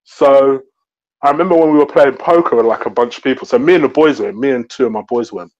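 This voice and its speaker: An English man co-hosting a casual chat show, expressive and quick to act out the voices in his stories. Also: mid-range voice, highs cut off. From England. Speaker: co-host.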